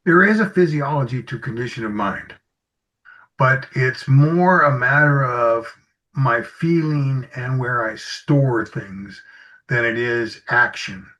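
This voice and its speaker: In a slightly muffled recording, a man speaks slowly in a mid-range voice with a bright, forceful tone. He's an executive coach being interviewed, telling anecdotes with easy conversational flow and acting out dialogue from his stories.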